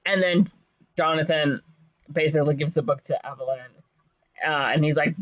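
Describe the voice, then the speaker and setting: A woman's voice: low voice, steady tone, moderate pace, dry recording. A woman co-hosting a podcast, recapping a movie in a casual, playful way, full of ums and likes and jokey voiced-out lines. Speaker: podcast co-host. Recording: dull lo-fi podcast audio.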